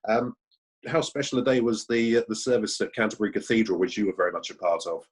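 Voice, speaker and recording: A low-voiced man with a slightly husky tone hosts the panel. He moves quickly through his questions in a relaxed, conversational way. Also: poor audio. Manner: conversational, asks follow-up questions. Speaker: host. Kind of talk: interview hosting.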